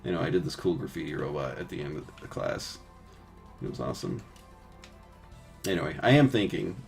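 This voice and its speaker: With a very deep, creaky voice, this man in his thirties speaks a little fast in a sing-song manner over soft background music. He's a 3D artist painting textures live on stream, rambling casually with many fillers, swearing, and easy laughter.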